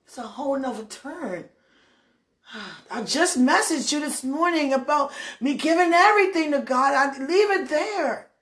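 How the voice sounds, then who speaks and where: Slow, high-voiced woman praying in bed. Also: expressive. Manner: moaning, pleading, shifts between hushed whispers and loud protests. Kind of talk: emotional spoken prayer monologue. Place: lying in bed.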